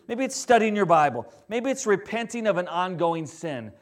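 Man, pastor, sermon, conversational, animated, fairly high pitch. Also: moderate pace, hardly any pauses.

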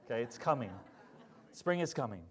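A man's voice: medium pitch, lively intonation, brisk. A male pastor preaching a sermon in a conversational storytelling manner, asking the congregation questions along the way.

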